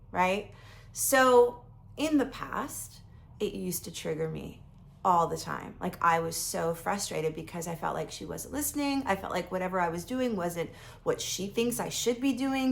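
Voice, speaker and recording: A chatty woman in her fifties with a slight gravelly fry in her voice. She tells a personal story to the camera in an eager, casual way, and her talk is full of "um" and "like". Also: medium pitch, fairly bright tone. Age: 50s. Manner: enthusiastic, chatty, many fillers like "um" and "like". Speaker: vlogger.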